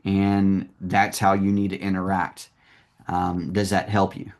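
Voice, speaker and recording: Low-pitched guy coaching a car salesman, direct and sure of himself. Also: monotone, a little slow, a little mellow. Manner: confident, direct, calls listener "man". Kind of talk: one-on-one coaching call.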